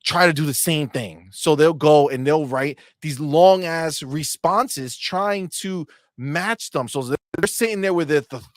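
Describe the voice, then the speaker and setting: A brash man hosts a loose gaming chat in a fairly high voice, swearing freely and mocking his targets. He sometimes breaks into loud shouts. The sound is dry and close to the mic. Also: measured pace, hardly any pauses, no room sound. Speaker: podcast host.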